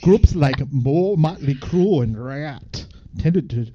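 A man reading aloud haltingly in a put-on Canadian accent, adding "eh" to his sentences. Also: fairly high pitch, animated, very noisy. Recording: dull lo-fi podcast audio.

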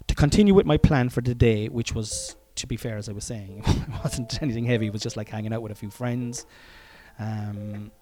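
A man's voice: fairly low pitch, steady tone, fairly quick, dark tone. An Irish man telling a personal story in a casual monologue, frank and profane, chuckling often and wandering into asides.

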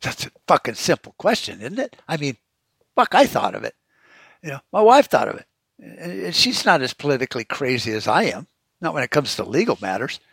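A man's voice: mid-range voice, sing-song, a little fast, gravelly, fairly bright tone, breathy edge, no echo. A man hosting a podcast, ranting heatedly and sarcastically with constant swearing. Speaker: podcast host. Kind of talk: profane rant.

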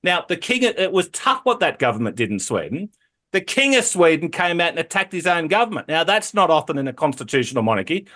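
Male politician, radio guest, a touch high, pushy and emphatic. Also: sing-song, fairly quick, a bit bright. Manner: emphatic, repeats words, checks in with "okay?". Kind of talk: phone-in radio interview.

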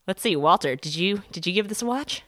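A woman's voice: medium pitch, expressive, a little fast, a bit bright, no echo, studio quality. A woman co-hosting a podcast, leading the casual discussion and explaining background. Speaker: podcast co-host. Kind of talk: casual chat.

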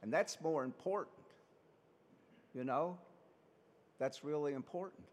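Man, priest, sermon, rhetorical questions, fairly high voice, echoing church. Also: unhurried. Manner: conversational preaching with rhetorical questions.

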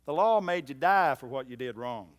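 A man preaching a sermon in a church, swinging from loud emphatic lines to soft low ones and repeating phrases for emphasis. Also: animated, moderate pace. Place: church hall.

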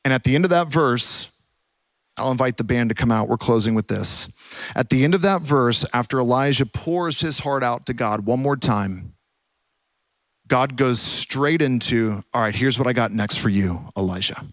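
A man preaching a sermon as a pastor, telling the story with animated energy and dropping to a hush for the quiet parts. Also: medium pitch, normal speed, no room sound. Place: church.

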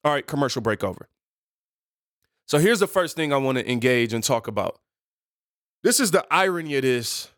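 A man hosts a solo podcast in a relaxed, rambling way, stopping to correct himself and joking on the side. His voice sits in an ordinary middle range. The sound is close and dry, with no room around it. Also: medium pitch, moderate pace, long pauses, dry recording. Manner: rambling, self-correcting, playful asides. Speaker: podcast host. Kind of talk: casual solo podcast talk.

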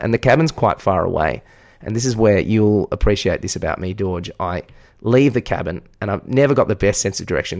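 A man's voice: lowish voice, darkish tone. An Australian man, a podcast co-host and part-time teacher, telling a rambling, self-mocking story in casual chat and swearing freely.

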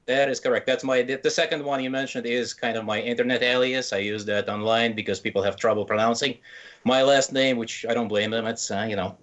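A man's voice: mid-range voice, fairly even intonation, a little fast. A man talking as a podcast guest, chatty and poking fun at himself. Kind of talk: casual chat.

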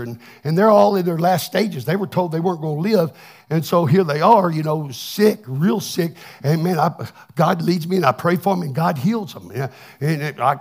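A man's voice: a little high, creaky. A man preaching a plainspoken, folksy testimony sermon, often repeating words as he restarts. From Texas. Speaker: pastor.

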